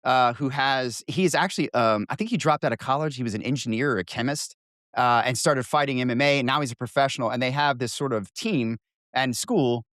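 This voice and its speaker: A man's voice: mid-range voice, a little fast, no echo, clean studio sound. Enthusiastic man hosting a podcast. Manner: enthusiastic, repeats himself, lively laughs. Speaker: podcast host. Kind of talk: casual interview chat.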